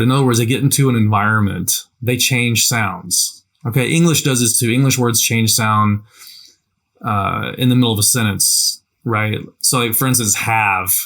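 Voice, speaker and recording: A man's voice: mid-range voice, a bit bright. A man giving a casual lesson on language practice in a conversational way, often repeating himself and asking "right?". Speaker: language teacher. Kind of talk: casual instructional talk.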